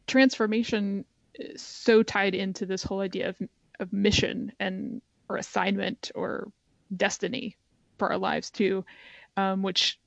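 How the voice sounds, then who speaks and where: A host speaks thoughtfully and affirms the guest, with a gravelly rasp. The voice comes over a dull, lo-fi line and sounds dry. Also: mid-range voice, no echo. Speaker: podcast host. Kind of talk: interview.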